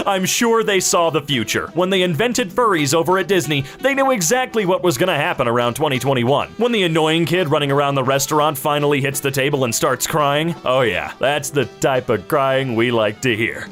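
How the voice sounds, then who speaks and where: A man's voice: fairly high pitch, soft background music. A man in his twenties giving casual, joking commentary on memes, jumping between voices for the characters. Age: 20s. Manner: animated, quick voice switches for meme characters. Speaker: meme reaction host.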